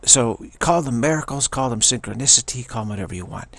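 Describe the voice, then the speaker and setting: A man giving a casual personal testimony, halting often and repeating words as he goes. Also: mid-range voice, animated, a bit bright, no room sound.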